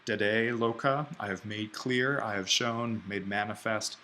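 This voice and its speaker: A man teaching an online Greek grammar lesson, thinking aloud and slowing down to spell out each form. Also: on the low side, fairly even intonation, sharp tone, slight background noise. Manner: explains step by step, thinking aloud; slows down to spell out Greek forms.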